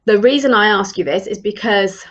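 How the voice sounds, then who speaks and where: A woman's voice: mid-range voice, moderate pace, highs cut off. Encouraging woman coaching on a live stream. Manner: encouraging, conversational, restarts phrases. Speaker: leadership and career coach.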